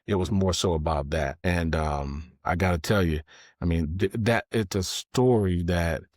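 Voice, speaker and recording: Deep-voiced man telling stories. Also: measured pace, a little mellow, dry recording, clean studio sound. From Georgia, US. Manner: candid, confessional, conversational. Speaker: host, storyteller. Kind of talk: personal storytelling.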